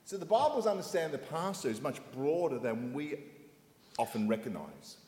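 A man preaching a sermon in a church hall in short phrases, pausing so an interpreter can follow. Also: fairly high pitch, very animated, a little mellow. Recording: echoey hall with long reverb.

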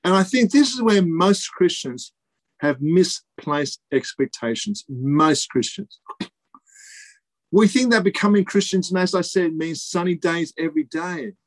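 A man's voice: high-pitched, lively intonation, no echo. Emphatic male preacher, dry close sound. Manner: emphatic, repeats key phrases, pauses for effect. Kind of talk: sermon.

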